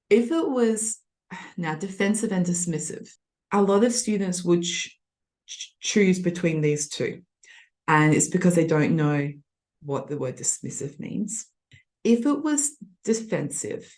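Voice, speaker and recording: A woman's voice: on the low side, a little mellow. A young adult woman teacher walking students through reading test answers in a chatty, reassuring way. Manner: chatty, reassuring, acts out example voices. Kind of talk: online tutoring lesson.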